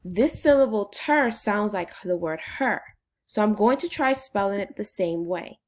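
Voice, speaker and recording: Woman teacher doing phonics, slow n encouraging, sounds out every syllable, voice goes up and down a lot. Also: medium pitch, expressive. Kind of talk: phonics lesson for children.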